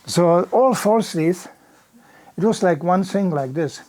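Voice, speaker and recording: Older man telling a lively sermon story. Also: sits high, slow pace. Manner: lively anecdotal telling with many "you know" asides and acted-out sound effects. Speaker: visiting preacher. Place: temple lecture hall.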